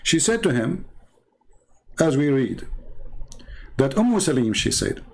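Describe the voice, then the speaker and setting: Insistent man debating, slightly high voice. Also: very animated, takes it slowly, a little mellow. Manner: insistent, repeats himself, reads texts aloud and translates. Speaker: debate host. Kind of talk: heated religious debate.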